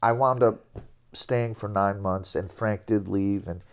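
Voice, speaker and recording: A middle-aged man, an interview guest, telling stories about his career in a relaxed, animated way, chuckling now and then. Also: lowish voice, a little slow. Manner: animated anecdotes, chuckling, scatting melodies. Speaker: interview guest, jazz trombonist. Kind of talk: relaxed storytelling.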